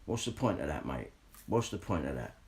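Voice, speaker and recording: A man's voice: a bass voice, big pitch swings, a little fast, darkish tone. A man ranting casually and swearing a lot as he talks straight to his livestream viewers. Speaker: livestream vlogger.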